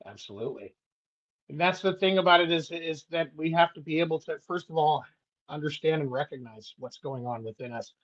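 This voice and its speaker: A man's voice: on the high side, animated, brisk. A man hosting a podcast in an upbeat, joking way, laughing often as he talks. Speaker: podcast host. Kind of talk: casual chat. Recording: dull lo-fi sound.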